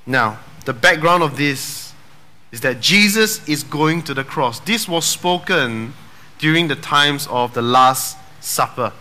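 A man's voice: a little high, lively intonation, slow, sharp tone. A man preaching a sermon in a casual, joking way, tossing in dad jokes and asking rhetorical questions. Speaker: pastor.

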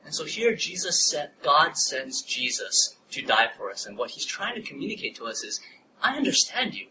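Man, pastor, lively pitch, distant mic in a noisy room. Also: moderate pace. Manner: animated storytelling, laughs at own story, drops to a soft near-whisper when preaching. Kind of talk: sermon with personal story.

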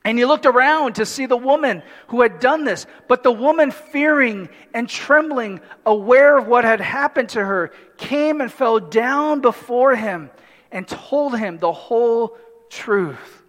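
A man preaching a sermon in an animated way, with humorous asides and acted-out voices from the story. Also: extremely high pitch, measured pace. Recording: long hall reverb.

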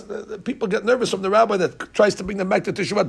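Gravelly high-voiced rabbi preaching. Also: male voice, fast, hardly any pauses. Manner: animated storytelling, acting out congregants' complaints; mixes Hebrew terms into English. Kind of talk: sermon.

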